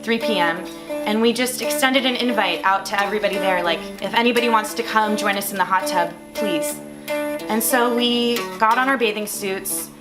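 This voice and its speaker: A woman's voice: mid-range voice, low-quality recording. A woman telling a comic personal story in a casual, meandering way. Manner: casual and meandering, with frequent likes and ums. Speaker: storyteller comedian. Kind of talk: storytelling stand-up. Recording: guitar music playing under her voice.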